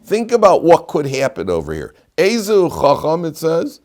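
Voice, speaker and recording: Animated man teaching a lively class. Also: moderate pace. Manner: animated storyteller, swings between loud emphatic peaks and low asides, quizzes students.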